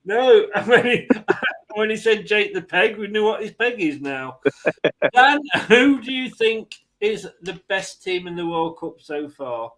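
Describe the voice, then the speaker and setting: A high-pitched English man hosts a loose football chat. He talks easily, laughs often and restarts his sentences. The feel is relaxed banter among friends. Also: measured pace, low-quality recording. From England. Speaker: host.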